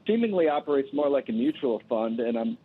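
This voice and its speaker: A man calling in to a TV show with a question, polite and slightly halting. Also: medium pitch, sing-song, breathy edge. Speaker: caller. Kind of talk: call-in question. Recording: phone line.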